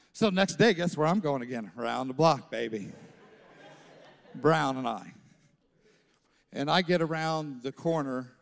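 A man, a pastor, telling a story in a sermon, acting out the voices and swinging from loud to hushed. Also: on the high side. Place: church stage.

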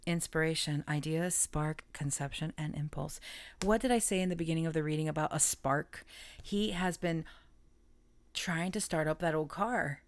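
A woman giving a casual, chatty tarot reading, rambling, self-correcting and often breaking into laughter. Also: deep voice. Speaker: tarot reader.

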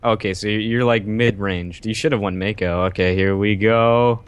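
Man, lowish voice, gaming banter, crude jokes, goofy voices. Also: steady tone, normal speed, clean tone, no room sound. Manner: joking, profane, jumps into silly voices. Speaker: gaming YouTuber.

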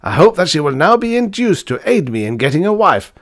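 A man's voice: sits high, sing-song, brisk, no echo, clean studio sound, voice pushed up. A man doing a blustering old professor. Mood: boisterous. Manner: blustering, shouting. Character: boisterous elderly male professor, hearty and testy.

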